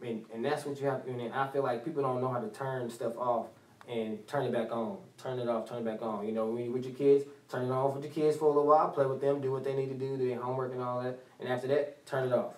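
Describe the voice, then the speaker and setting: A man's voice: mid-range voice, little pitch movement, fast talker, hardly any pauses, recorded from a distance. A man hosting a talk radio show, rambling and repeating phrases as he talks. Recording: roomy studio sound from off mic.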